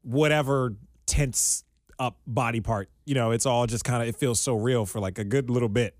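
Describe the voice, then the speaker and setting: A podcast co-host with a mid-range voice and fairly even intonation tells a story at normal speed in casual chat, laughing often. The recording is clean studio sound with no room sound.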